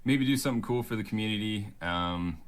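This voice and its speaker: A man's voice: fairly low pitch, a little fast. A man explaining himself to camera in a hesitant way, with many fillers. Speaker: NFT artist in a clip. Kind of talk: talking-to-camera explanation video.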